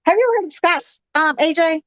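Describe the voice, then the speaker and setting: A woman co-hosting a casual chat show, loud and giggly, swearing freely. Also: extremely high pitch, animated, quick pace, dry recording, highs cut off. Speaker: podcast co-host.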